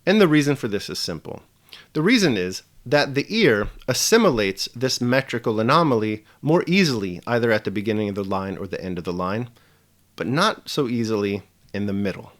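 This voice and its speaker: A man hosting a scripted literature lesson, measured and articulate, slowing down for key definitions. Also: mid-range voice, a bit bright. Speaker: English teacher hosting a lesson channel.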